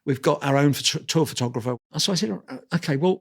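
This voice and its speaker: A man, telling lively anecdotes as an interview guest and restarting his sentences often. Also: a little high, fast. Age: 60s. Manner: animated anecdotes with quoted voices and restarts. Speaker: guest photographer. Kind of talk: storytelling interview.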